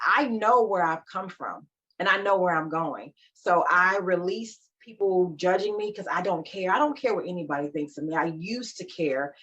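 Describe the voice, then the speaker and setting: Animated woman in her forties, lo-fi. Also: mid-range voice. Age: 40s. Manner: animated, emphatic storytelling. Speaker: podcast guest, life coach. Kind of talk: casual interview chat. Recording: slightly dull lo-fi sound.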